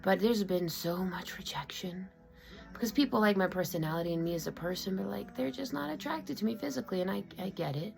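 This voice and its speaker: A woman's voice: medium pitch, expressive, brisk, gravelly, a little mellow, faint music behind. A woman vlogger talking casually and openly about her feelings, rambling with many fillers and restarts. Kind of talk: casual personal confiding talk. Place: her own room at home.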